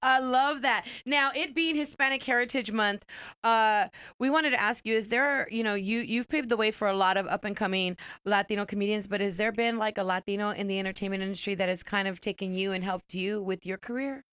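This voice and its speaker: A woman's voice: mid-range voice, fairly even intonation, fairly quick, fairly bright tone, clean tone, no echo. A woman hosting a morning radio show, interviewing a guest with eager reactions and frequent laughter. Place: radio studio.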